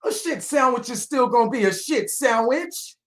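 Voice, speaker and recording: A man hosting a livestream and reacting to clips, talking in a loud, profane, animated way that swings between muttering and shouting. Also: extremely high pitch, normal speed.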